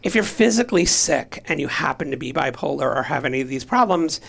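A man's voice: on the high side, lively intonation, brisk, gravelly, fairly bright tone. A man who is a podcast guest, telling a story in a casual way and acting out other people's voices. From Los Angeles area, US.

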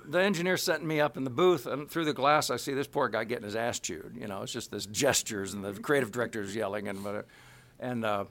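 A man's voice: medium pitch, fairly bright tone. A man from the Kansas City area telling an anecdote about his career as a voice actor, acting out the dialogue as he goes.

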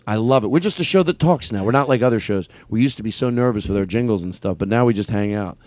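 A man's voice: on the low side, fast talker, no echo. A man hosting a loose comedy podcast, riffing and joking with lots of swearing. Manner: profane, joking, animated riffing. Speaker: podcast host. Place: studio room with guests.

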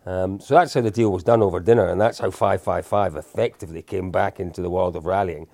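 A man in his fifties tells a story on a podcast in a low voice with a gravelly edge. He is chatty and pokes fun at himself as he goes. The sound is dry and close, with no room echo. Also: steady tone, fast, a little mellow. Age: 50s. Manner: chatty and self-deprecating, with frequent restarts. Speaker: podcast co-host. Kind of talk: anecdotal storytelling, casual chat.

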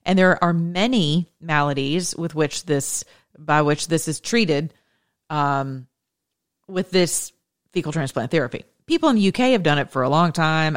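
Low-voiced emphatic woman host. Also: expressive, normal speed. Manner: chatty, emphatic storytelling with asides and self-interruptions. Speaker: political commentary host. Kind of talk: casual monologue commentary.

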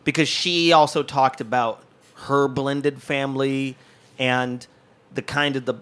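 Guy from new mexico rambling thru comedy stories, loose podcast chat, mid pitch. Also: unhurried, smooth. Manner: rambling, animated storytelling. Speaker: guest comedian.

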